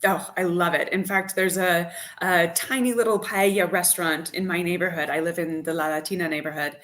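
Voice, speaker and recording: A woman's voice: fairly low pitch, steady tone, a little fast, fairly bright tone. A woman, a wine expert and tour guide, who talks as a radio guest in an enthusiastic, vividly descriptive way. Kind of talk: interview guest.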